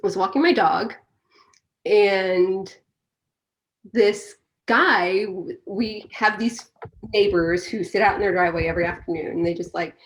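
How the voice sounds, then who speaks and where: A woman's voice: medium pitch, a little slow. A woman guest in a casual interview, speaking candidly and telling stories with animation.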